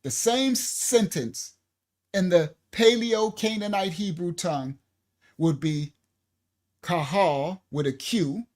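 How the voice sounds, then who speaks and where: A man teaching a congregation in a preaching style, emphatic and repetitive, building to loud exhortation. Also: high-pitched, slow pace. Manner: emphatic, repeats words, rises to loud exhortation. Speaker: teacher of a ministry.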